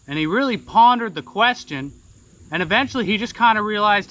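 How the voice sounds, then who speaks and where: A man spins a folksy tall tale in a relaxed, rambling way, padding his lines with easy fillers. His voice sits a little high and rings bright and forward. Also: brisk, lo-fi sound. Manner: casual, rambling, many fillers. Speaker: storyteller.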